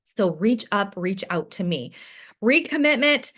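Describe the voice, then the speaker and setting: A woman's voice: mid-range voice, sing-song, unhurried, a bit bright. A woman director giving an encouraging, conversational training talk over a video call to her team. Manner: encouraging, conversational, often asks "right?".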